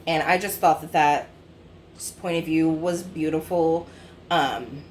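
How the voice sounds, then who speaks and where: A woman's voice: deep voice, takes it slowly, slight background noise. A woman in her twenties chatting casually about books she has read, rambling with many fillers and self-corrections. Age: 20s. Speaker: book vlogger. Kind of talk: casual book review chat.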